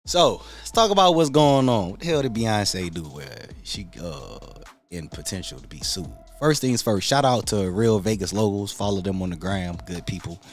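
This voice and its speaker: A slightly low-voiced man hosts a casual livestream from a home setup, easygoing and full of slang. He calls out viewers by name as he chats, with faint music playing underneath. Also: lively intonation, moderate pace. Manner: laid-back slangy talk, greets viewers by name. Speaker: livestream host.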